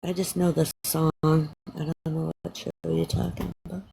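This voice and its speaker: A woman's voice: deep voice, flat delivery, moderate pace, gravelly, mellow, slight background noise. A woman chatting casually on a livestream, playful and teasing. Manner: playful, teasing, drifts into singing. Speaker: livestream co-host.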